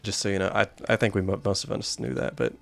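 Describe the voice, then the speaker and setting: Guy streaming a game, lowish voice, dry mic, faint music behind. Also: lively intonation, fast talker, vocal fry. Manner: joking, reads chat aloud. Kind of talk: gameplay commentary and story reading.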